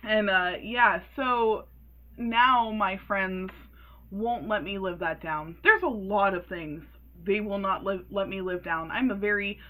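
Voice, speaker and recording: A woman in her early twenties telling a story in a casual vlog, animated and sassy, laughing often. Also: medium pitch, takes it slowly, rough recording. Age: 20s. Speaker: vlogger.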